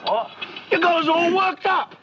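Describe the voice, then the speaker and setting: A man's voice: very high voice, expressive, moderate pace. An actor playing a jittery, scolding Scottish man who warns everyone about a killer rabbit, in a film comedy. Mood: warning. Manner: fretful, scolding, told-you-so. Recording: muffled film soundtrack with music.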